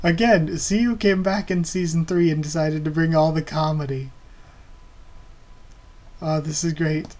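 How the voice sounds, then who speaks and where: A man hosting a live reaction to a webcomic, excitedly gushing and laughing as he reads. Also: on the high side, measured pace, long pauses.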